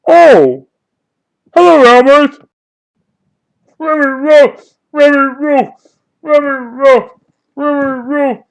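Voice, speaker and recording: A man's voice: very high-pitched, slow pace, gravelly, pauses often, exaggerated voice, rough recording. A man voicing an impatient male watermelon in a homemade puppet story, whining and repeating himself. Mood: whiny. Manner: whiny, repeats phrases over and over.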